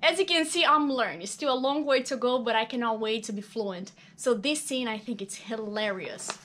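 A woman's voice: a little high, normal speed, a bit bright, a little hiss or hum. A woman hosting a table-read video who talks in a cheerful, upbeat way. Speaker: video host.

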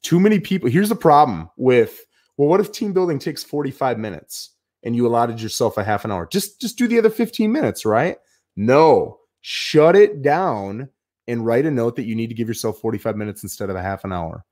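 A man's voice: mid-range voice, brisk. A middle-aged man hosting a live show, casually talking viewers through his schedule in a coaching tone, often adding "man" and "right?". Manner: lively, swings between bursts and mumbled asides. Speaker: show host. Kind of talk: live walkthrough of his planning.

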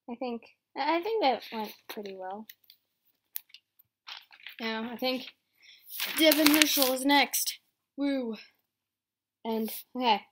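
A young woman with a slightly high voice chats casually between voice auditions. She sounds upbeat and keeps apologizing. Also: takes it slowly, long pauses. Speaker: voice actor auditioning.

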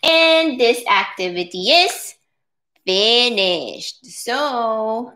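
Slow, bright-voiced woman teaching preschoolers. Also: fairly high pitch, lively intonation. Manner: patient, encouraging, drawn-out words for children. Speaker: preschool circle-time teacher, mother. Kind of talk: slow, sing-song preschool lesson.

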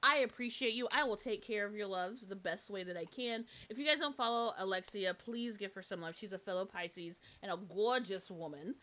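A woman's voice: mid-range voice, fairly quick, hardly any pauses, sharp tone. A woman streaming a horror game, jumpy and chatty, shrieking and laughing one moment and thanking her viewers the next.

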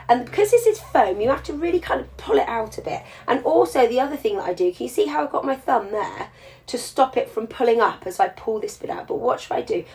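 A woman's voice: fairly high pitch, a little mellow. A woman talks viewers through a craft live. Her delivery is chatty and practical, and she explains each step as she works. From England. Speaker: jewellery teacher.

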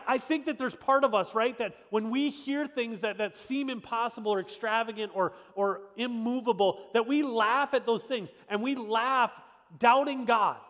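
A man's voice: extremely high pitch, a bit bright. A man preaching a sermon as pastor, talking in a conversational, emphatic way and repeating his rhetorical questions. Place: church sanctuary. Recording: long church hall reverb.

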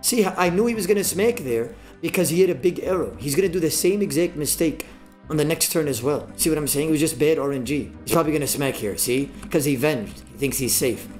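Brash, lively-voiced male gamer. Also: on the high side, a little fast, soft background music. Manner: brash trash-talking, swears a lot, bursts into yelling. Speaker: streamer. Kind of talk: live gameplay commentary.

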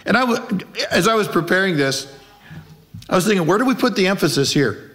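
A pastor preaches conversationally in a church, his slightly bright voice a bit above typical male pitch, with lively intonation and a somewhat fast pace. He poses rhetorical questions and acts out quoted lines in character voices.

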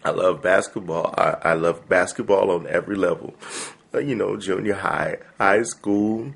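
A man playing a nervous, overemotional basketball player recording a dating video in a comedy sketch, halting with lots of ums. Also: low voice, vocal fry, fairly bright tone, husky, full character voice. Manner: halting, full of ums, breaking into tearful wailing.

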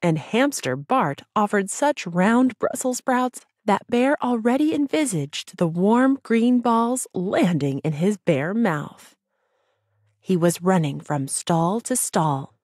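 Gentle woman narrating a children's story. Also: mid-range voice, expressive, slow pace, no room sound, clean studio sound. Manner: gentle, sing-song storytelling. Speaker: audiobook narrator.

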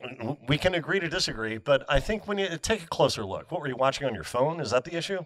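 A man co-hosts a comedy podcast and presses his argument like a mock prosecutor. His pitch rises and falls in a lively way, and he stammers on restarts. The sound is dry and close. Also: quick pace, dry recording. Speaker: podcast co-host. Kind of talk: casual comedic debate.

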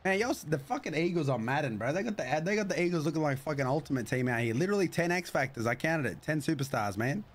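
Excitable man streaming a football game. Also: a little high, fast, few pauses. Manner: loud, excitable trash talk. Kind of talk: casual game commentary.

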